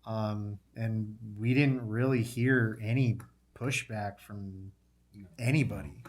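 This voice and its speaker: A man on a casual panel who thinks aloud in a relaxed way. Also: lowish voice, slow.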